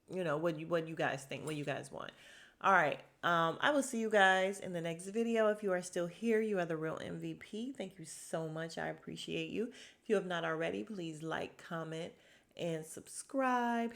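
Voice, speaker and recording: A woman casually recapping a reality show episode for her viewers, slangy and candid, acting out the lines with big jumps in her voice. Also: creaky. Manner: animated, acts out quotes with big pitch jumps; slangy and candid, with frequent swearing.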